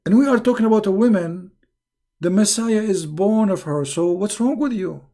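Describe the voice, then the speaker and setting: This man hosts a live question-and-answer stream, answering viewer questions in a high-pitched, warm voice at a moderate pace. He speaks emphatically and scolds, often repeating words as he restarts.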